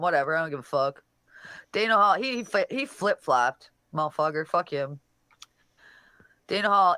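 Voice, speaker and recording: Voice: medium pitch, bright, forceful tone, no room sound. A solo livestream host reading chat comments aloud and answering them in a blunt, profane, combative way. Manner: talks back to chat comments directly.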